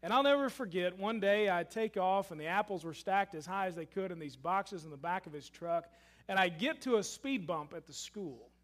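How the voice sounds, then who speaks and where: A preacher with a high voice tells a story from the pulpit. He swings from loud, emphatic lines down to hushed asides. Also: animated, normal speed. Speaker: pastor. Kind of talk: sermon.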